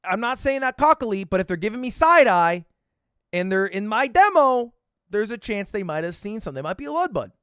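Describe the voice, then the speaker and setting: Animated young man telling a story. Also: high voice, brisk, clean tone, dry recording, studio quality. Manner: animated, swears freely, self-mocking. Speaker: online creator. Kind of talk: casual storytelling.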